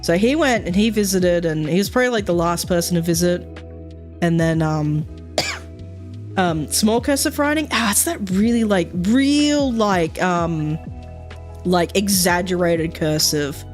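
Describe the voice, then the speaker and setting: A woman's voice: lowish voice, unhurried, soft background music. A woman streaming, chatting casually and rambling with many fillers and frequent swearing.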